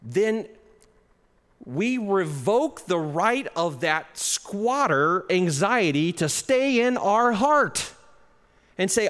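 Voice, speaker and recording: A pastor delivers a sermon in a slightly high, very lively voice, his pitch swinging widely as he speeds up and slows down. Chuckles break in now and then. His voice rings out with the long reverb of a large hall. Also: clear, resonant tone. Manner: animated preaching with chuckles and shifts in pace.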